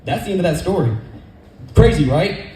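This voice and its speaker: A man's voice: high voice, lively intonation, warm tone, echoey room, slight background noise, low-quality recording. A man from California doing a rambling, profane stand-up set at a comedy club open mic, speaking into a stage microphone. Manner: rapid, profane, rambling storytelling.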